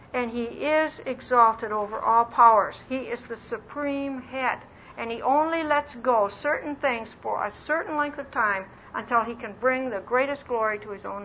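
A woman teaching a Bible lesson as a sermon, earnest and slowing down to stress key phrases, acting out little quoted voices with self-deprecating humor. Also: fairly high pitch, fairly bright tone. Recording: dull lo-fi recording with faint background hiss.

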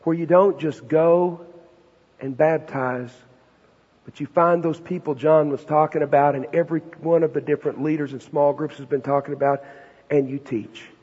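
A pastor preaching an emphatic, conversational sermon in a church, peppered with rhetorical questions. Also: male voice, fairly high pitch, fairly even intonation, moderate pace, breathy edge. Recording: dull, reverberant hall recording.

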